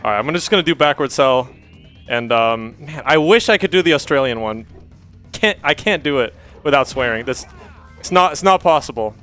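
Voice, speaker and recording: A man's voice: medium pitch, expressive, moderate pace, a bit bright, soft background music. A man speedrunning at a live marathon, chatting casually and laughing at himself while he plays. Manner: laughing, self-deprecating, chatty. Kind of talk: casual live gameplay commentary. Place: event venue.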